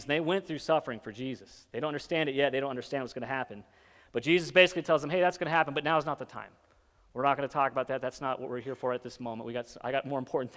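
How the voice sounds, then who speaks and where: A man's voice: medium pitch, fairly bright tone, big-room sound. A man preaching a sermon in a casual, conversational way, often checking in with his listeners and briefly acting out the lines of the people in the story. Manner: conversational, keeps checking in with "right?" and "okay?"; acts out the disciples' lines in quick asides. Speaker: pastor. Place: church hall.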